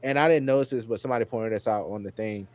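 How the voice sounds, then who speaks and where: A man's voice: lowish voice, quick pace, a little mellow, no room sound. A man hosting a casual episode review chat, animatedly retelling scenes and acting out the characters' lines. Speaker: host. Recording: dull, dry lo-fi mic sound.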